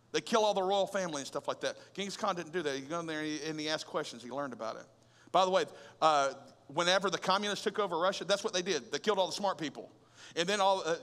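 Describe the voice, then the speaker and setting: Male pastor, high bright voice, animated conversational preaching, big reverberant hall. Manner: conversational and animated, with rhetorical questions and humor. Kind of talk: sermon. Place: large church auditorium.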